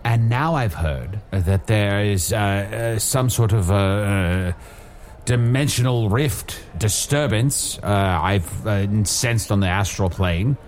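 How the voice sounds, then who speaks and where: A man's voice: on the low side, takes it slowly, soft background music. A man playing a grandiose, self-important male wizard on an improvised comedy podcast, talking in a pompous, proclaiming manner. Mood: earnest. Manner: pompous, proclaims his titles loudly.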